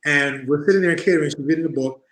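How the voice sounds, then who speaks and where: A man with a high-pitched voice tells animated stories as a guest in a casual chat, slipping into impressions of the people he talks about. The sound is roomy, with a noticeable echo around him. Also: racing. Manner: animated anecdotes, acts out other people's voices. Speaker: podcast guest, former tag team wrestler.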